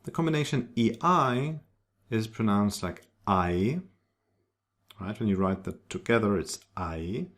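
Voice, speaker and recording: A man's voice: on the low side, lively intonation, measured pace, fairly bright tone. A man teaching a pronunciation lesson, spelling out sounds and carefully repeating example words. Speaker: language teacher. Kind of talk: slow, deliberate pronunciation lesson.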